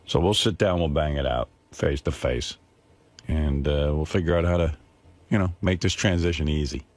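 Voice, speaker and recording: A man's voice: extremely low pitch, moderate pace, a little mellow, dry recording. A man hosting a radio show, rambling and exasperated as he tells a story. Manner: rambling, exasperated, self-deprecating. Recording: dry studio sound.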